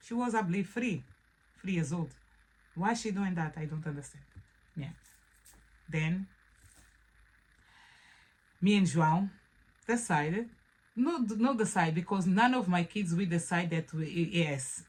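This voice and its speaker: A mother in her thirties who speaks natively, telling family stories to camera in broken English, animated and laughing often. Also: fairly low pitch. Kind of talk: casual storytelling to camera.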